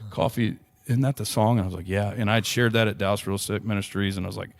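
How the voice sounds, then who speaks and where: A man's voice: lowish voice, fast talker, gravelly, no echo. Earnest man telling a story. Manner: earnest, animated storytelling with many restarts. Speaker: interview guest. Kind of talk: storytelling in a podcast interview.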